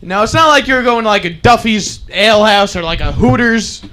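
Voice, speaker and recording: A man's voice: high-pitched, lively intonation, brisk, bright, forceful tone. A man doing a stand-up comedy bit, laughing through his own jokes.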